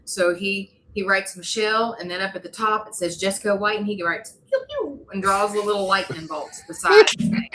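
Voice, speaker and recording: A woman, co-hosting a podcast and telling an animated, funny story in casual chat. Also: medium pitch, moderate pace, slight background noise, low-quality recording. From West Virginia. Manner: animated, laughing, mimics voices in her stories. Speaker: podcast co-host.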